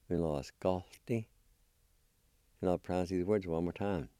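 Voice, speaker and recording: A man's voice: low voice, normal speed, pauses often, mellow, clean tone, dry recording. A man teaching a spelling and pronunciation lesson, patiently sounding out syllables one at a time and encouraging his learners. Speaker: language teacher.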